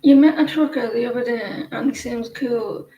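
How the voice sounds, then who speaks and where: A woman's voice: on the high side, normal speed, warm tone, echoey room, muffled recording. A woman hosting a live tarot stream, chatting with viewers in a rambling way and often restarting her sentences.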